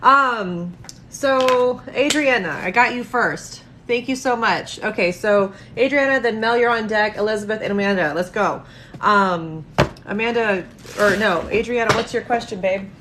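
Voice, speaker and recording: A woman running casual tarot readings on her livestream from a home setup, talking slowly and loosely with ums and likes. Her voice is bright and forward, and she swears freely. A faint hiss sits under her webcam mic. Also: mid-range voice, rough recording.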